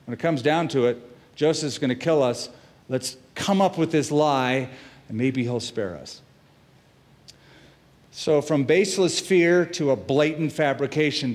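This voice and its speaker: A middle-aged man preaching as a pastor, telling the story in a lively way and acting out the characters' quotes. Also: normal speed. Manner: animated storytelling, acts out quotes with shifts in pitch and loudness. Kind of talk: sermon.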